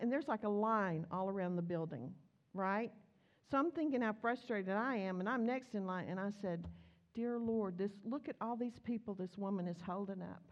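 In a church, a woman delivers a chatty sermon built on stories, animatedly acting out the dialogue as she goes. Her voice sits in the mid-range, and the audio sounds dull.

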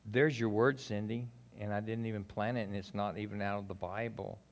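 A man preaching a sermon in a folksy, conversational way, talking straight to his congregation, now emphatic, now quiet and intimate. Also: on the low side, steady tone, a little fast. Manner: swings between emphatic and quiet, intimate delivery. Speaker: pastor.

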